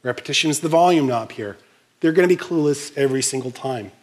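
A man preaching a sermon as pastor, animated and conversational, acting out scenes and speaking to the congregation with frequent asides. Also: medium pitch, quick pace. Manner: animated, uses props and acts out scenes.

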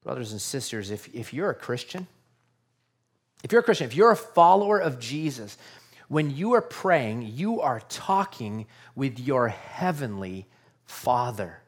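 A man's voice: medium pitch, sing-song, measured pace. A man preaching a sermon to his congregation in an earnest, conversational way, often asking rhetorical questions. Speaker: pastor.

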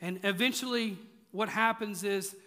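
Bright, high-voiced preacher in an echoey hall. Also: male voice, normal speed. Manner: conversational, joking, emphatic repetition. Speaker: pastor. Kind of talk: sermon. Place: church auditorium.

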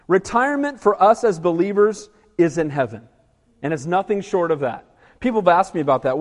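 High-voiced preacher in an echoey hall. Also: male voice, big pitch swings, a little fast. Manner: emphatic preaching with call-and-response amens. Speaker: pastor. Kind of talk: evening sermon.

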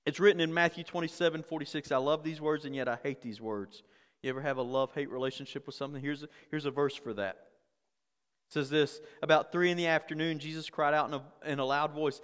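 A man's voice: a little high, fast, a bit bright, smooth, long reverb tail. A male pastor preaching a conversational sermon, often repeating words and asking the congregation questions.

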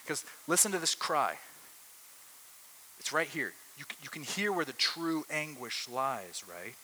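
Guy preaching a sermon, bright voice, chatty, keeps asking the crowd questions, faint hiss behind. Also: a little high, very animated, a little slow, rough recording. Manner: conversational, asks the room frequent rhetorical questions.

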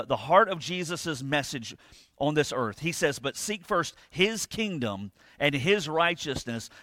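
Pastor preaching in a dry room. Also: male voice, mid-range voice, a bit bright, dry recording. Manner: conversational preaching, frequent "right?" to the congregation; reads scripture aloud with rising emphasis. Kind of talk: sermon.

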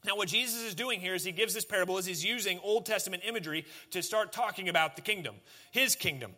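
Male pastor, high and bright, casual and animated in the pulpit. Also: quick pace. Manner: conversational and animated, talking directly to the congregation. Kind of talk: sermon.

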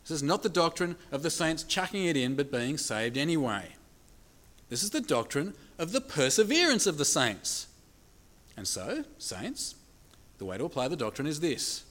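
A man delivers a sermon in a somewhat high voice that swings widely up and down. He is emphatic and keeps asking his listeners rhetorical questions. He slows right down to stress his key points. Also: very animated, a bit bright. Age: adult with children. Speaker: preacher.

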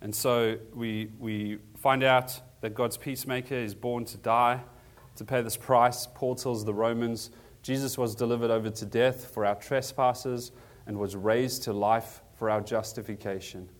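Male pastor, mid-pitched, conversational sermon delivery, earnest with rhetorical questions. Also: fairly even intonation, measured pace.

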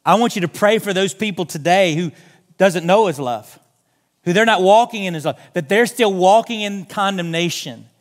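A man's voice: sits high, normal speed. A pastor preaching a sermon in a church, making earnest, direct appeals to his congregation. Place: church sanctuary.

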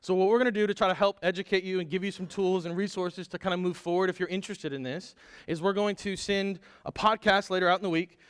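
A man preaching a Sunday sermon, animated and conversational, putting rhetorical questions to the congregation. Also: high-pitched, fast, smooth, dry recording, clean studio sound. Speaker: pastor.

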